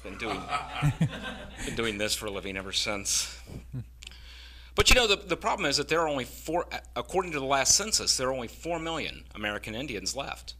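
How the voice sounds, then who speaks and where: Male stand-up comedian, bright forceful voice, deadpan punchlines, live stage set. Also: mid-range voice, fairly quick, slight background noise.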